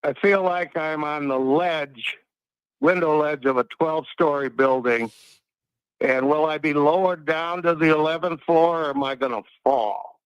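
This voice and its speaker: A man's voice: a little high, a little slow, clean tone, dry recording. Older anxious male caller on a dull line. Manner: rambling, self-deprecating, anxious. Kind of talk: casual call-in chat.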